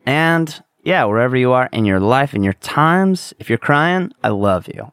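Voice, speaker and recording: A man's voice: mid-range voice, lively intonation, a little slow, fairly bright tone, smooth, dry recording, studio quality. Candid rambling young man podcasting solo. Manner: candid, rambling, swears casually. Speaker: podcast host. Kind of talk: casual solo podcast monologue.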